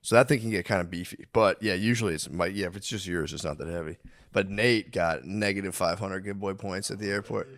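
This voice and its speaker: A man's voice: low voice, fairly quick, a bit bright. Chatty man with an easygoing podcast voice. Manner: laid-back, chatty, laughs often. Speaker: podcast co-host. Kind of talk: casual podcast chat.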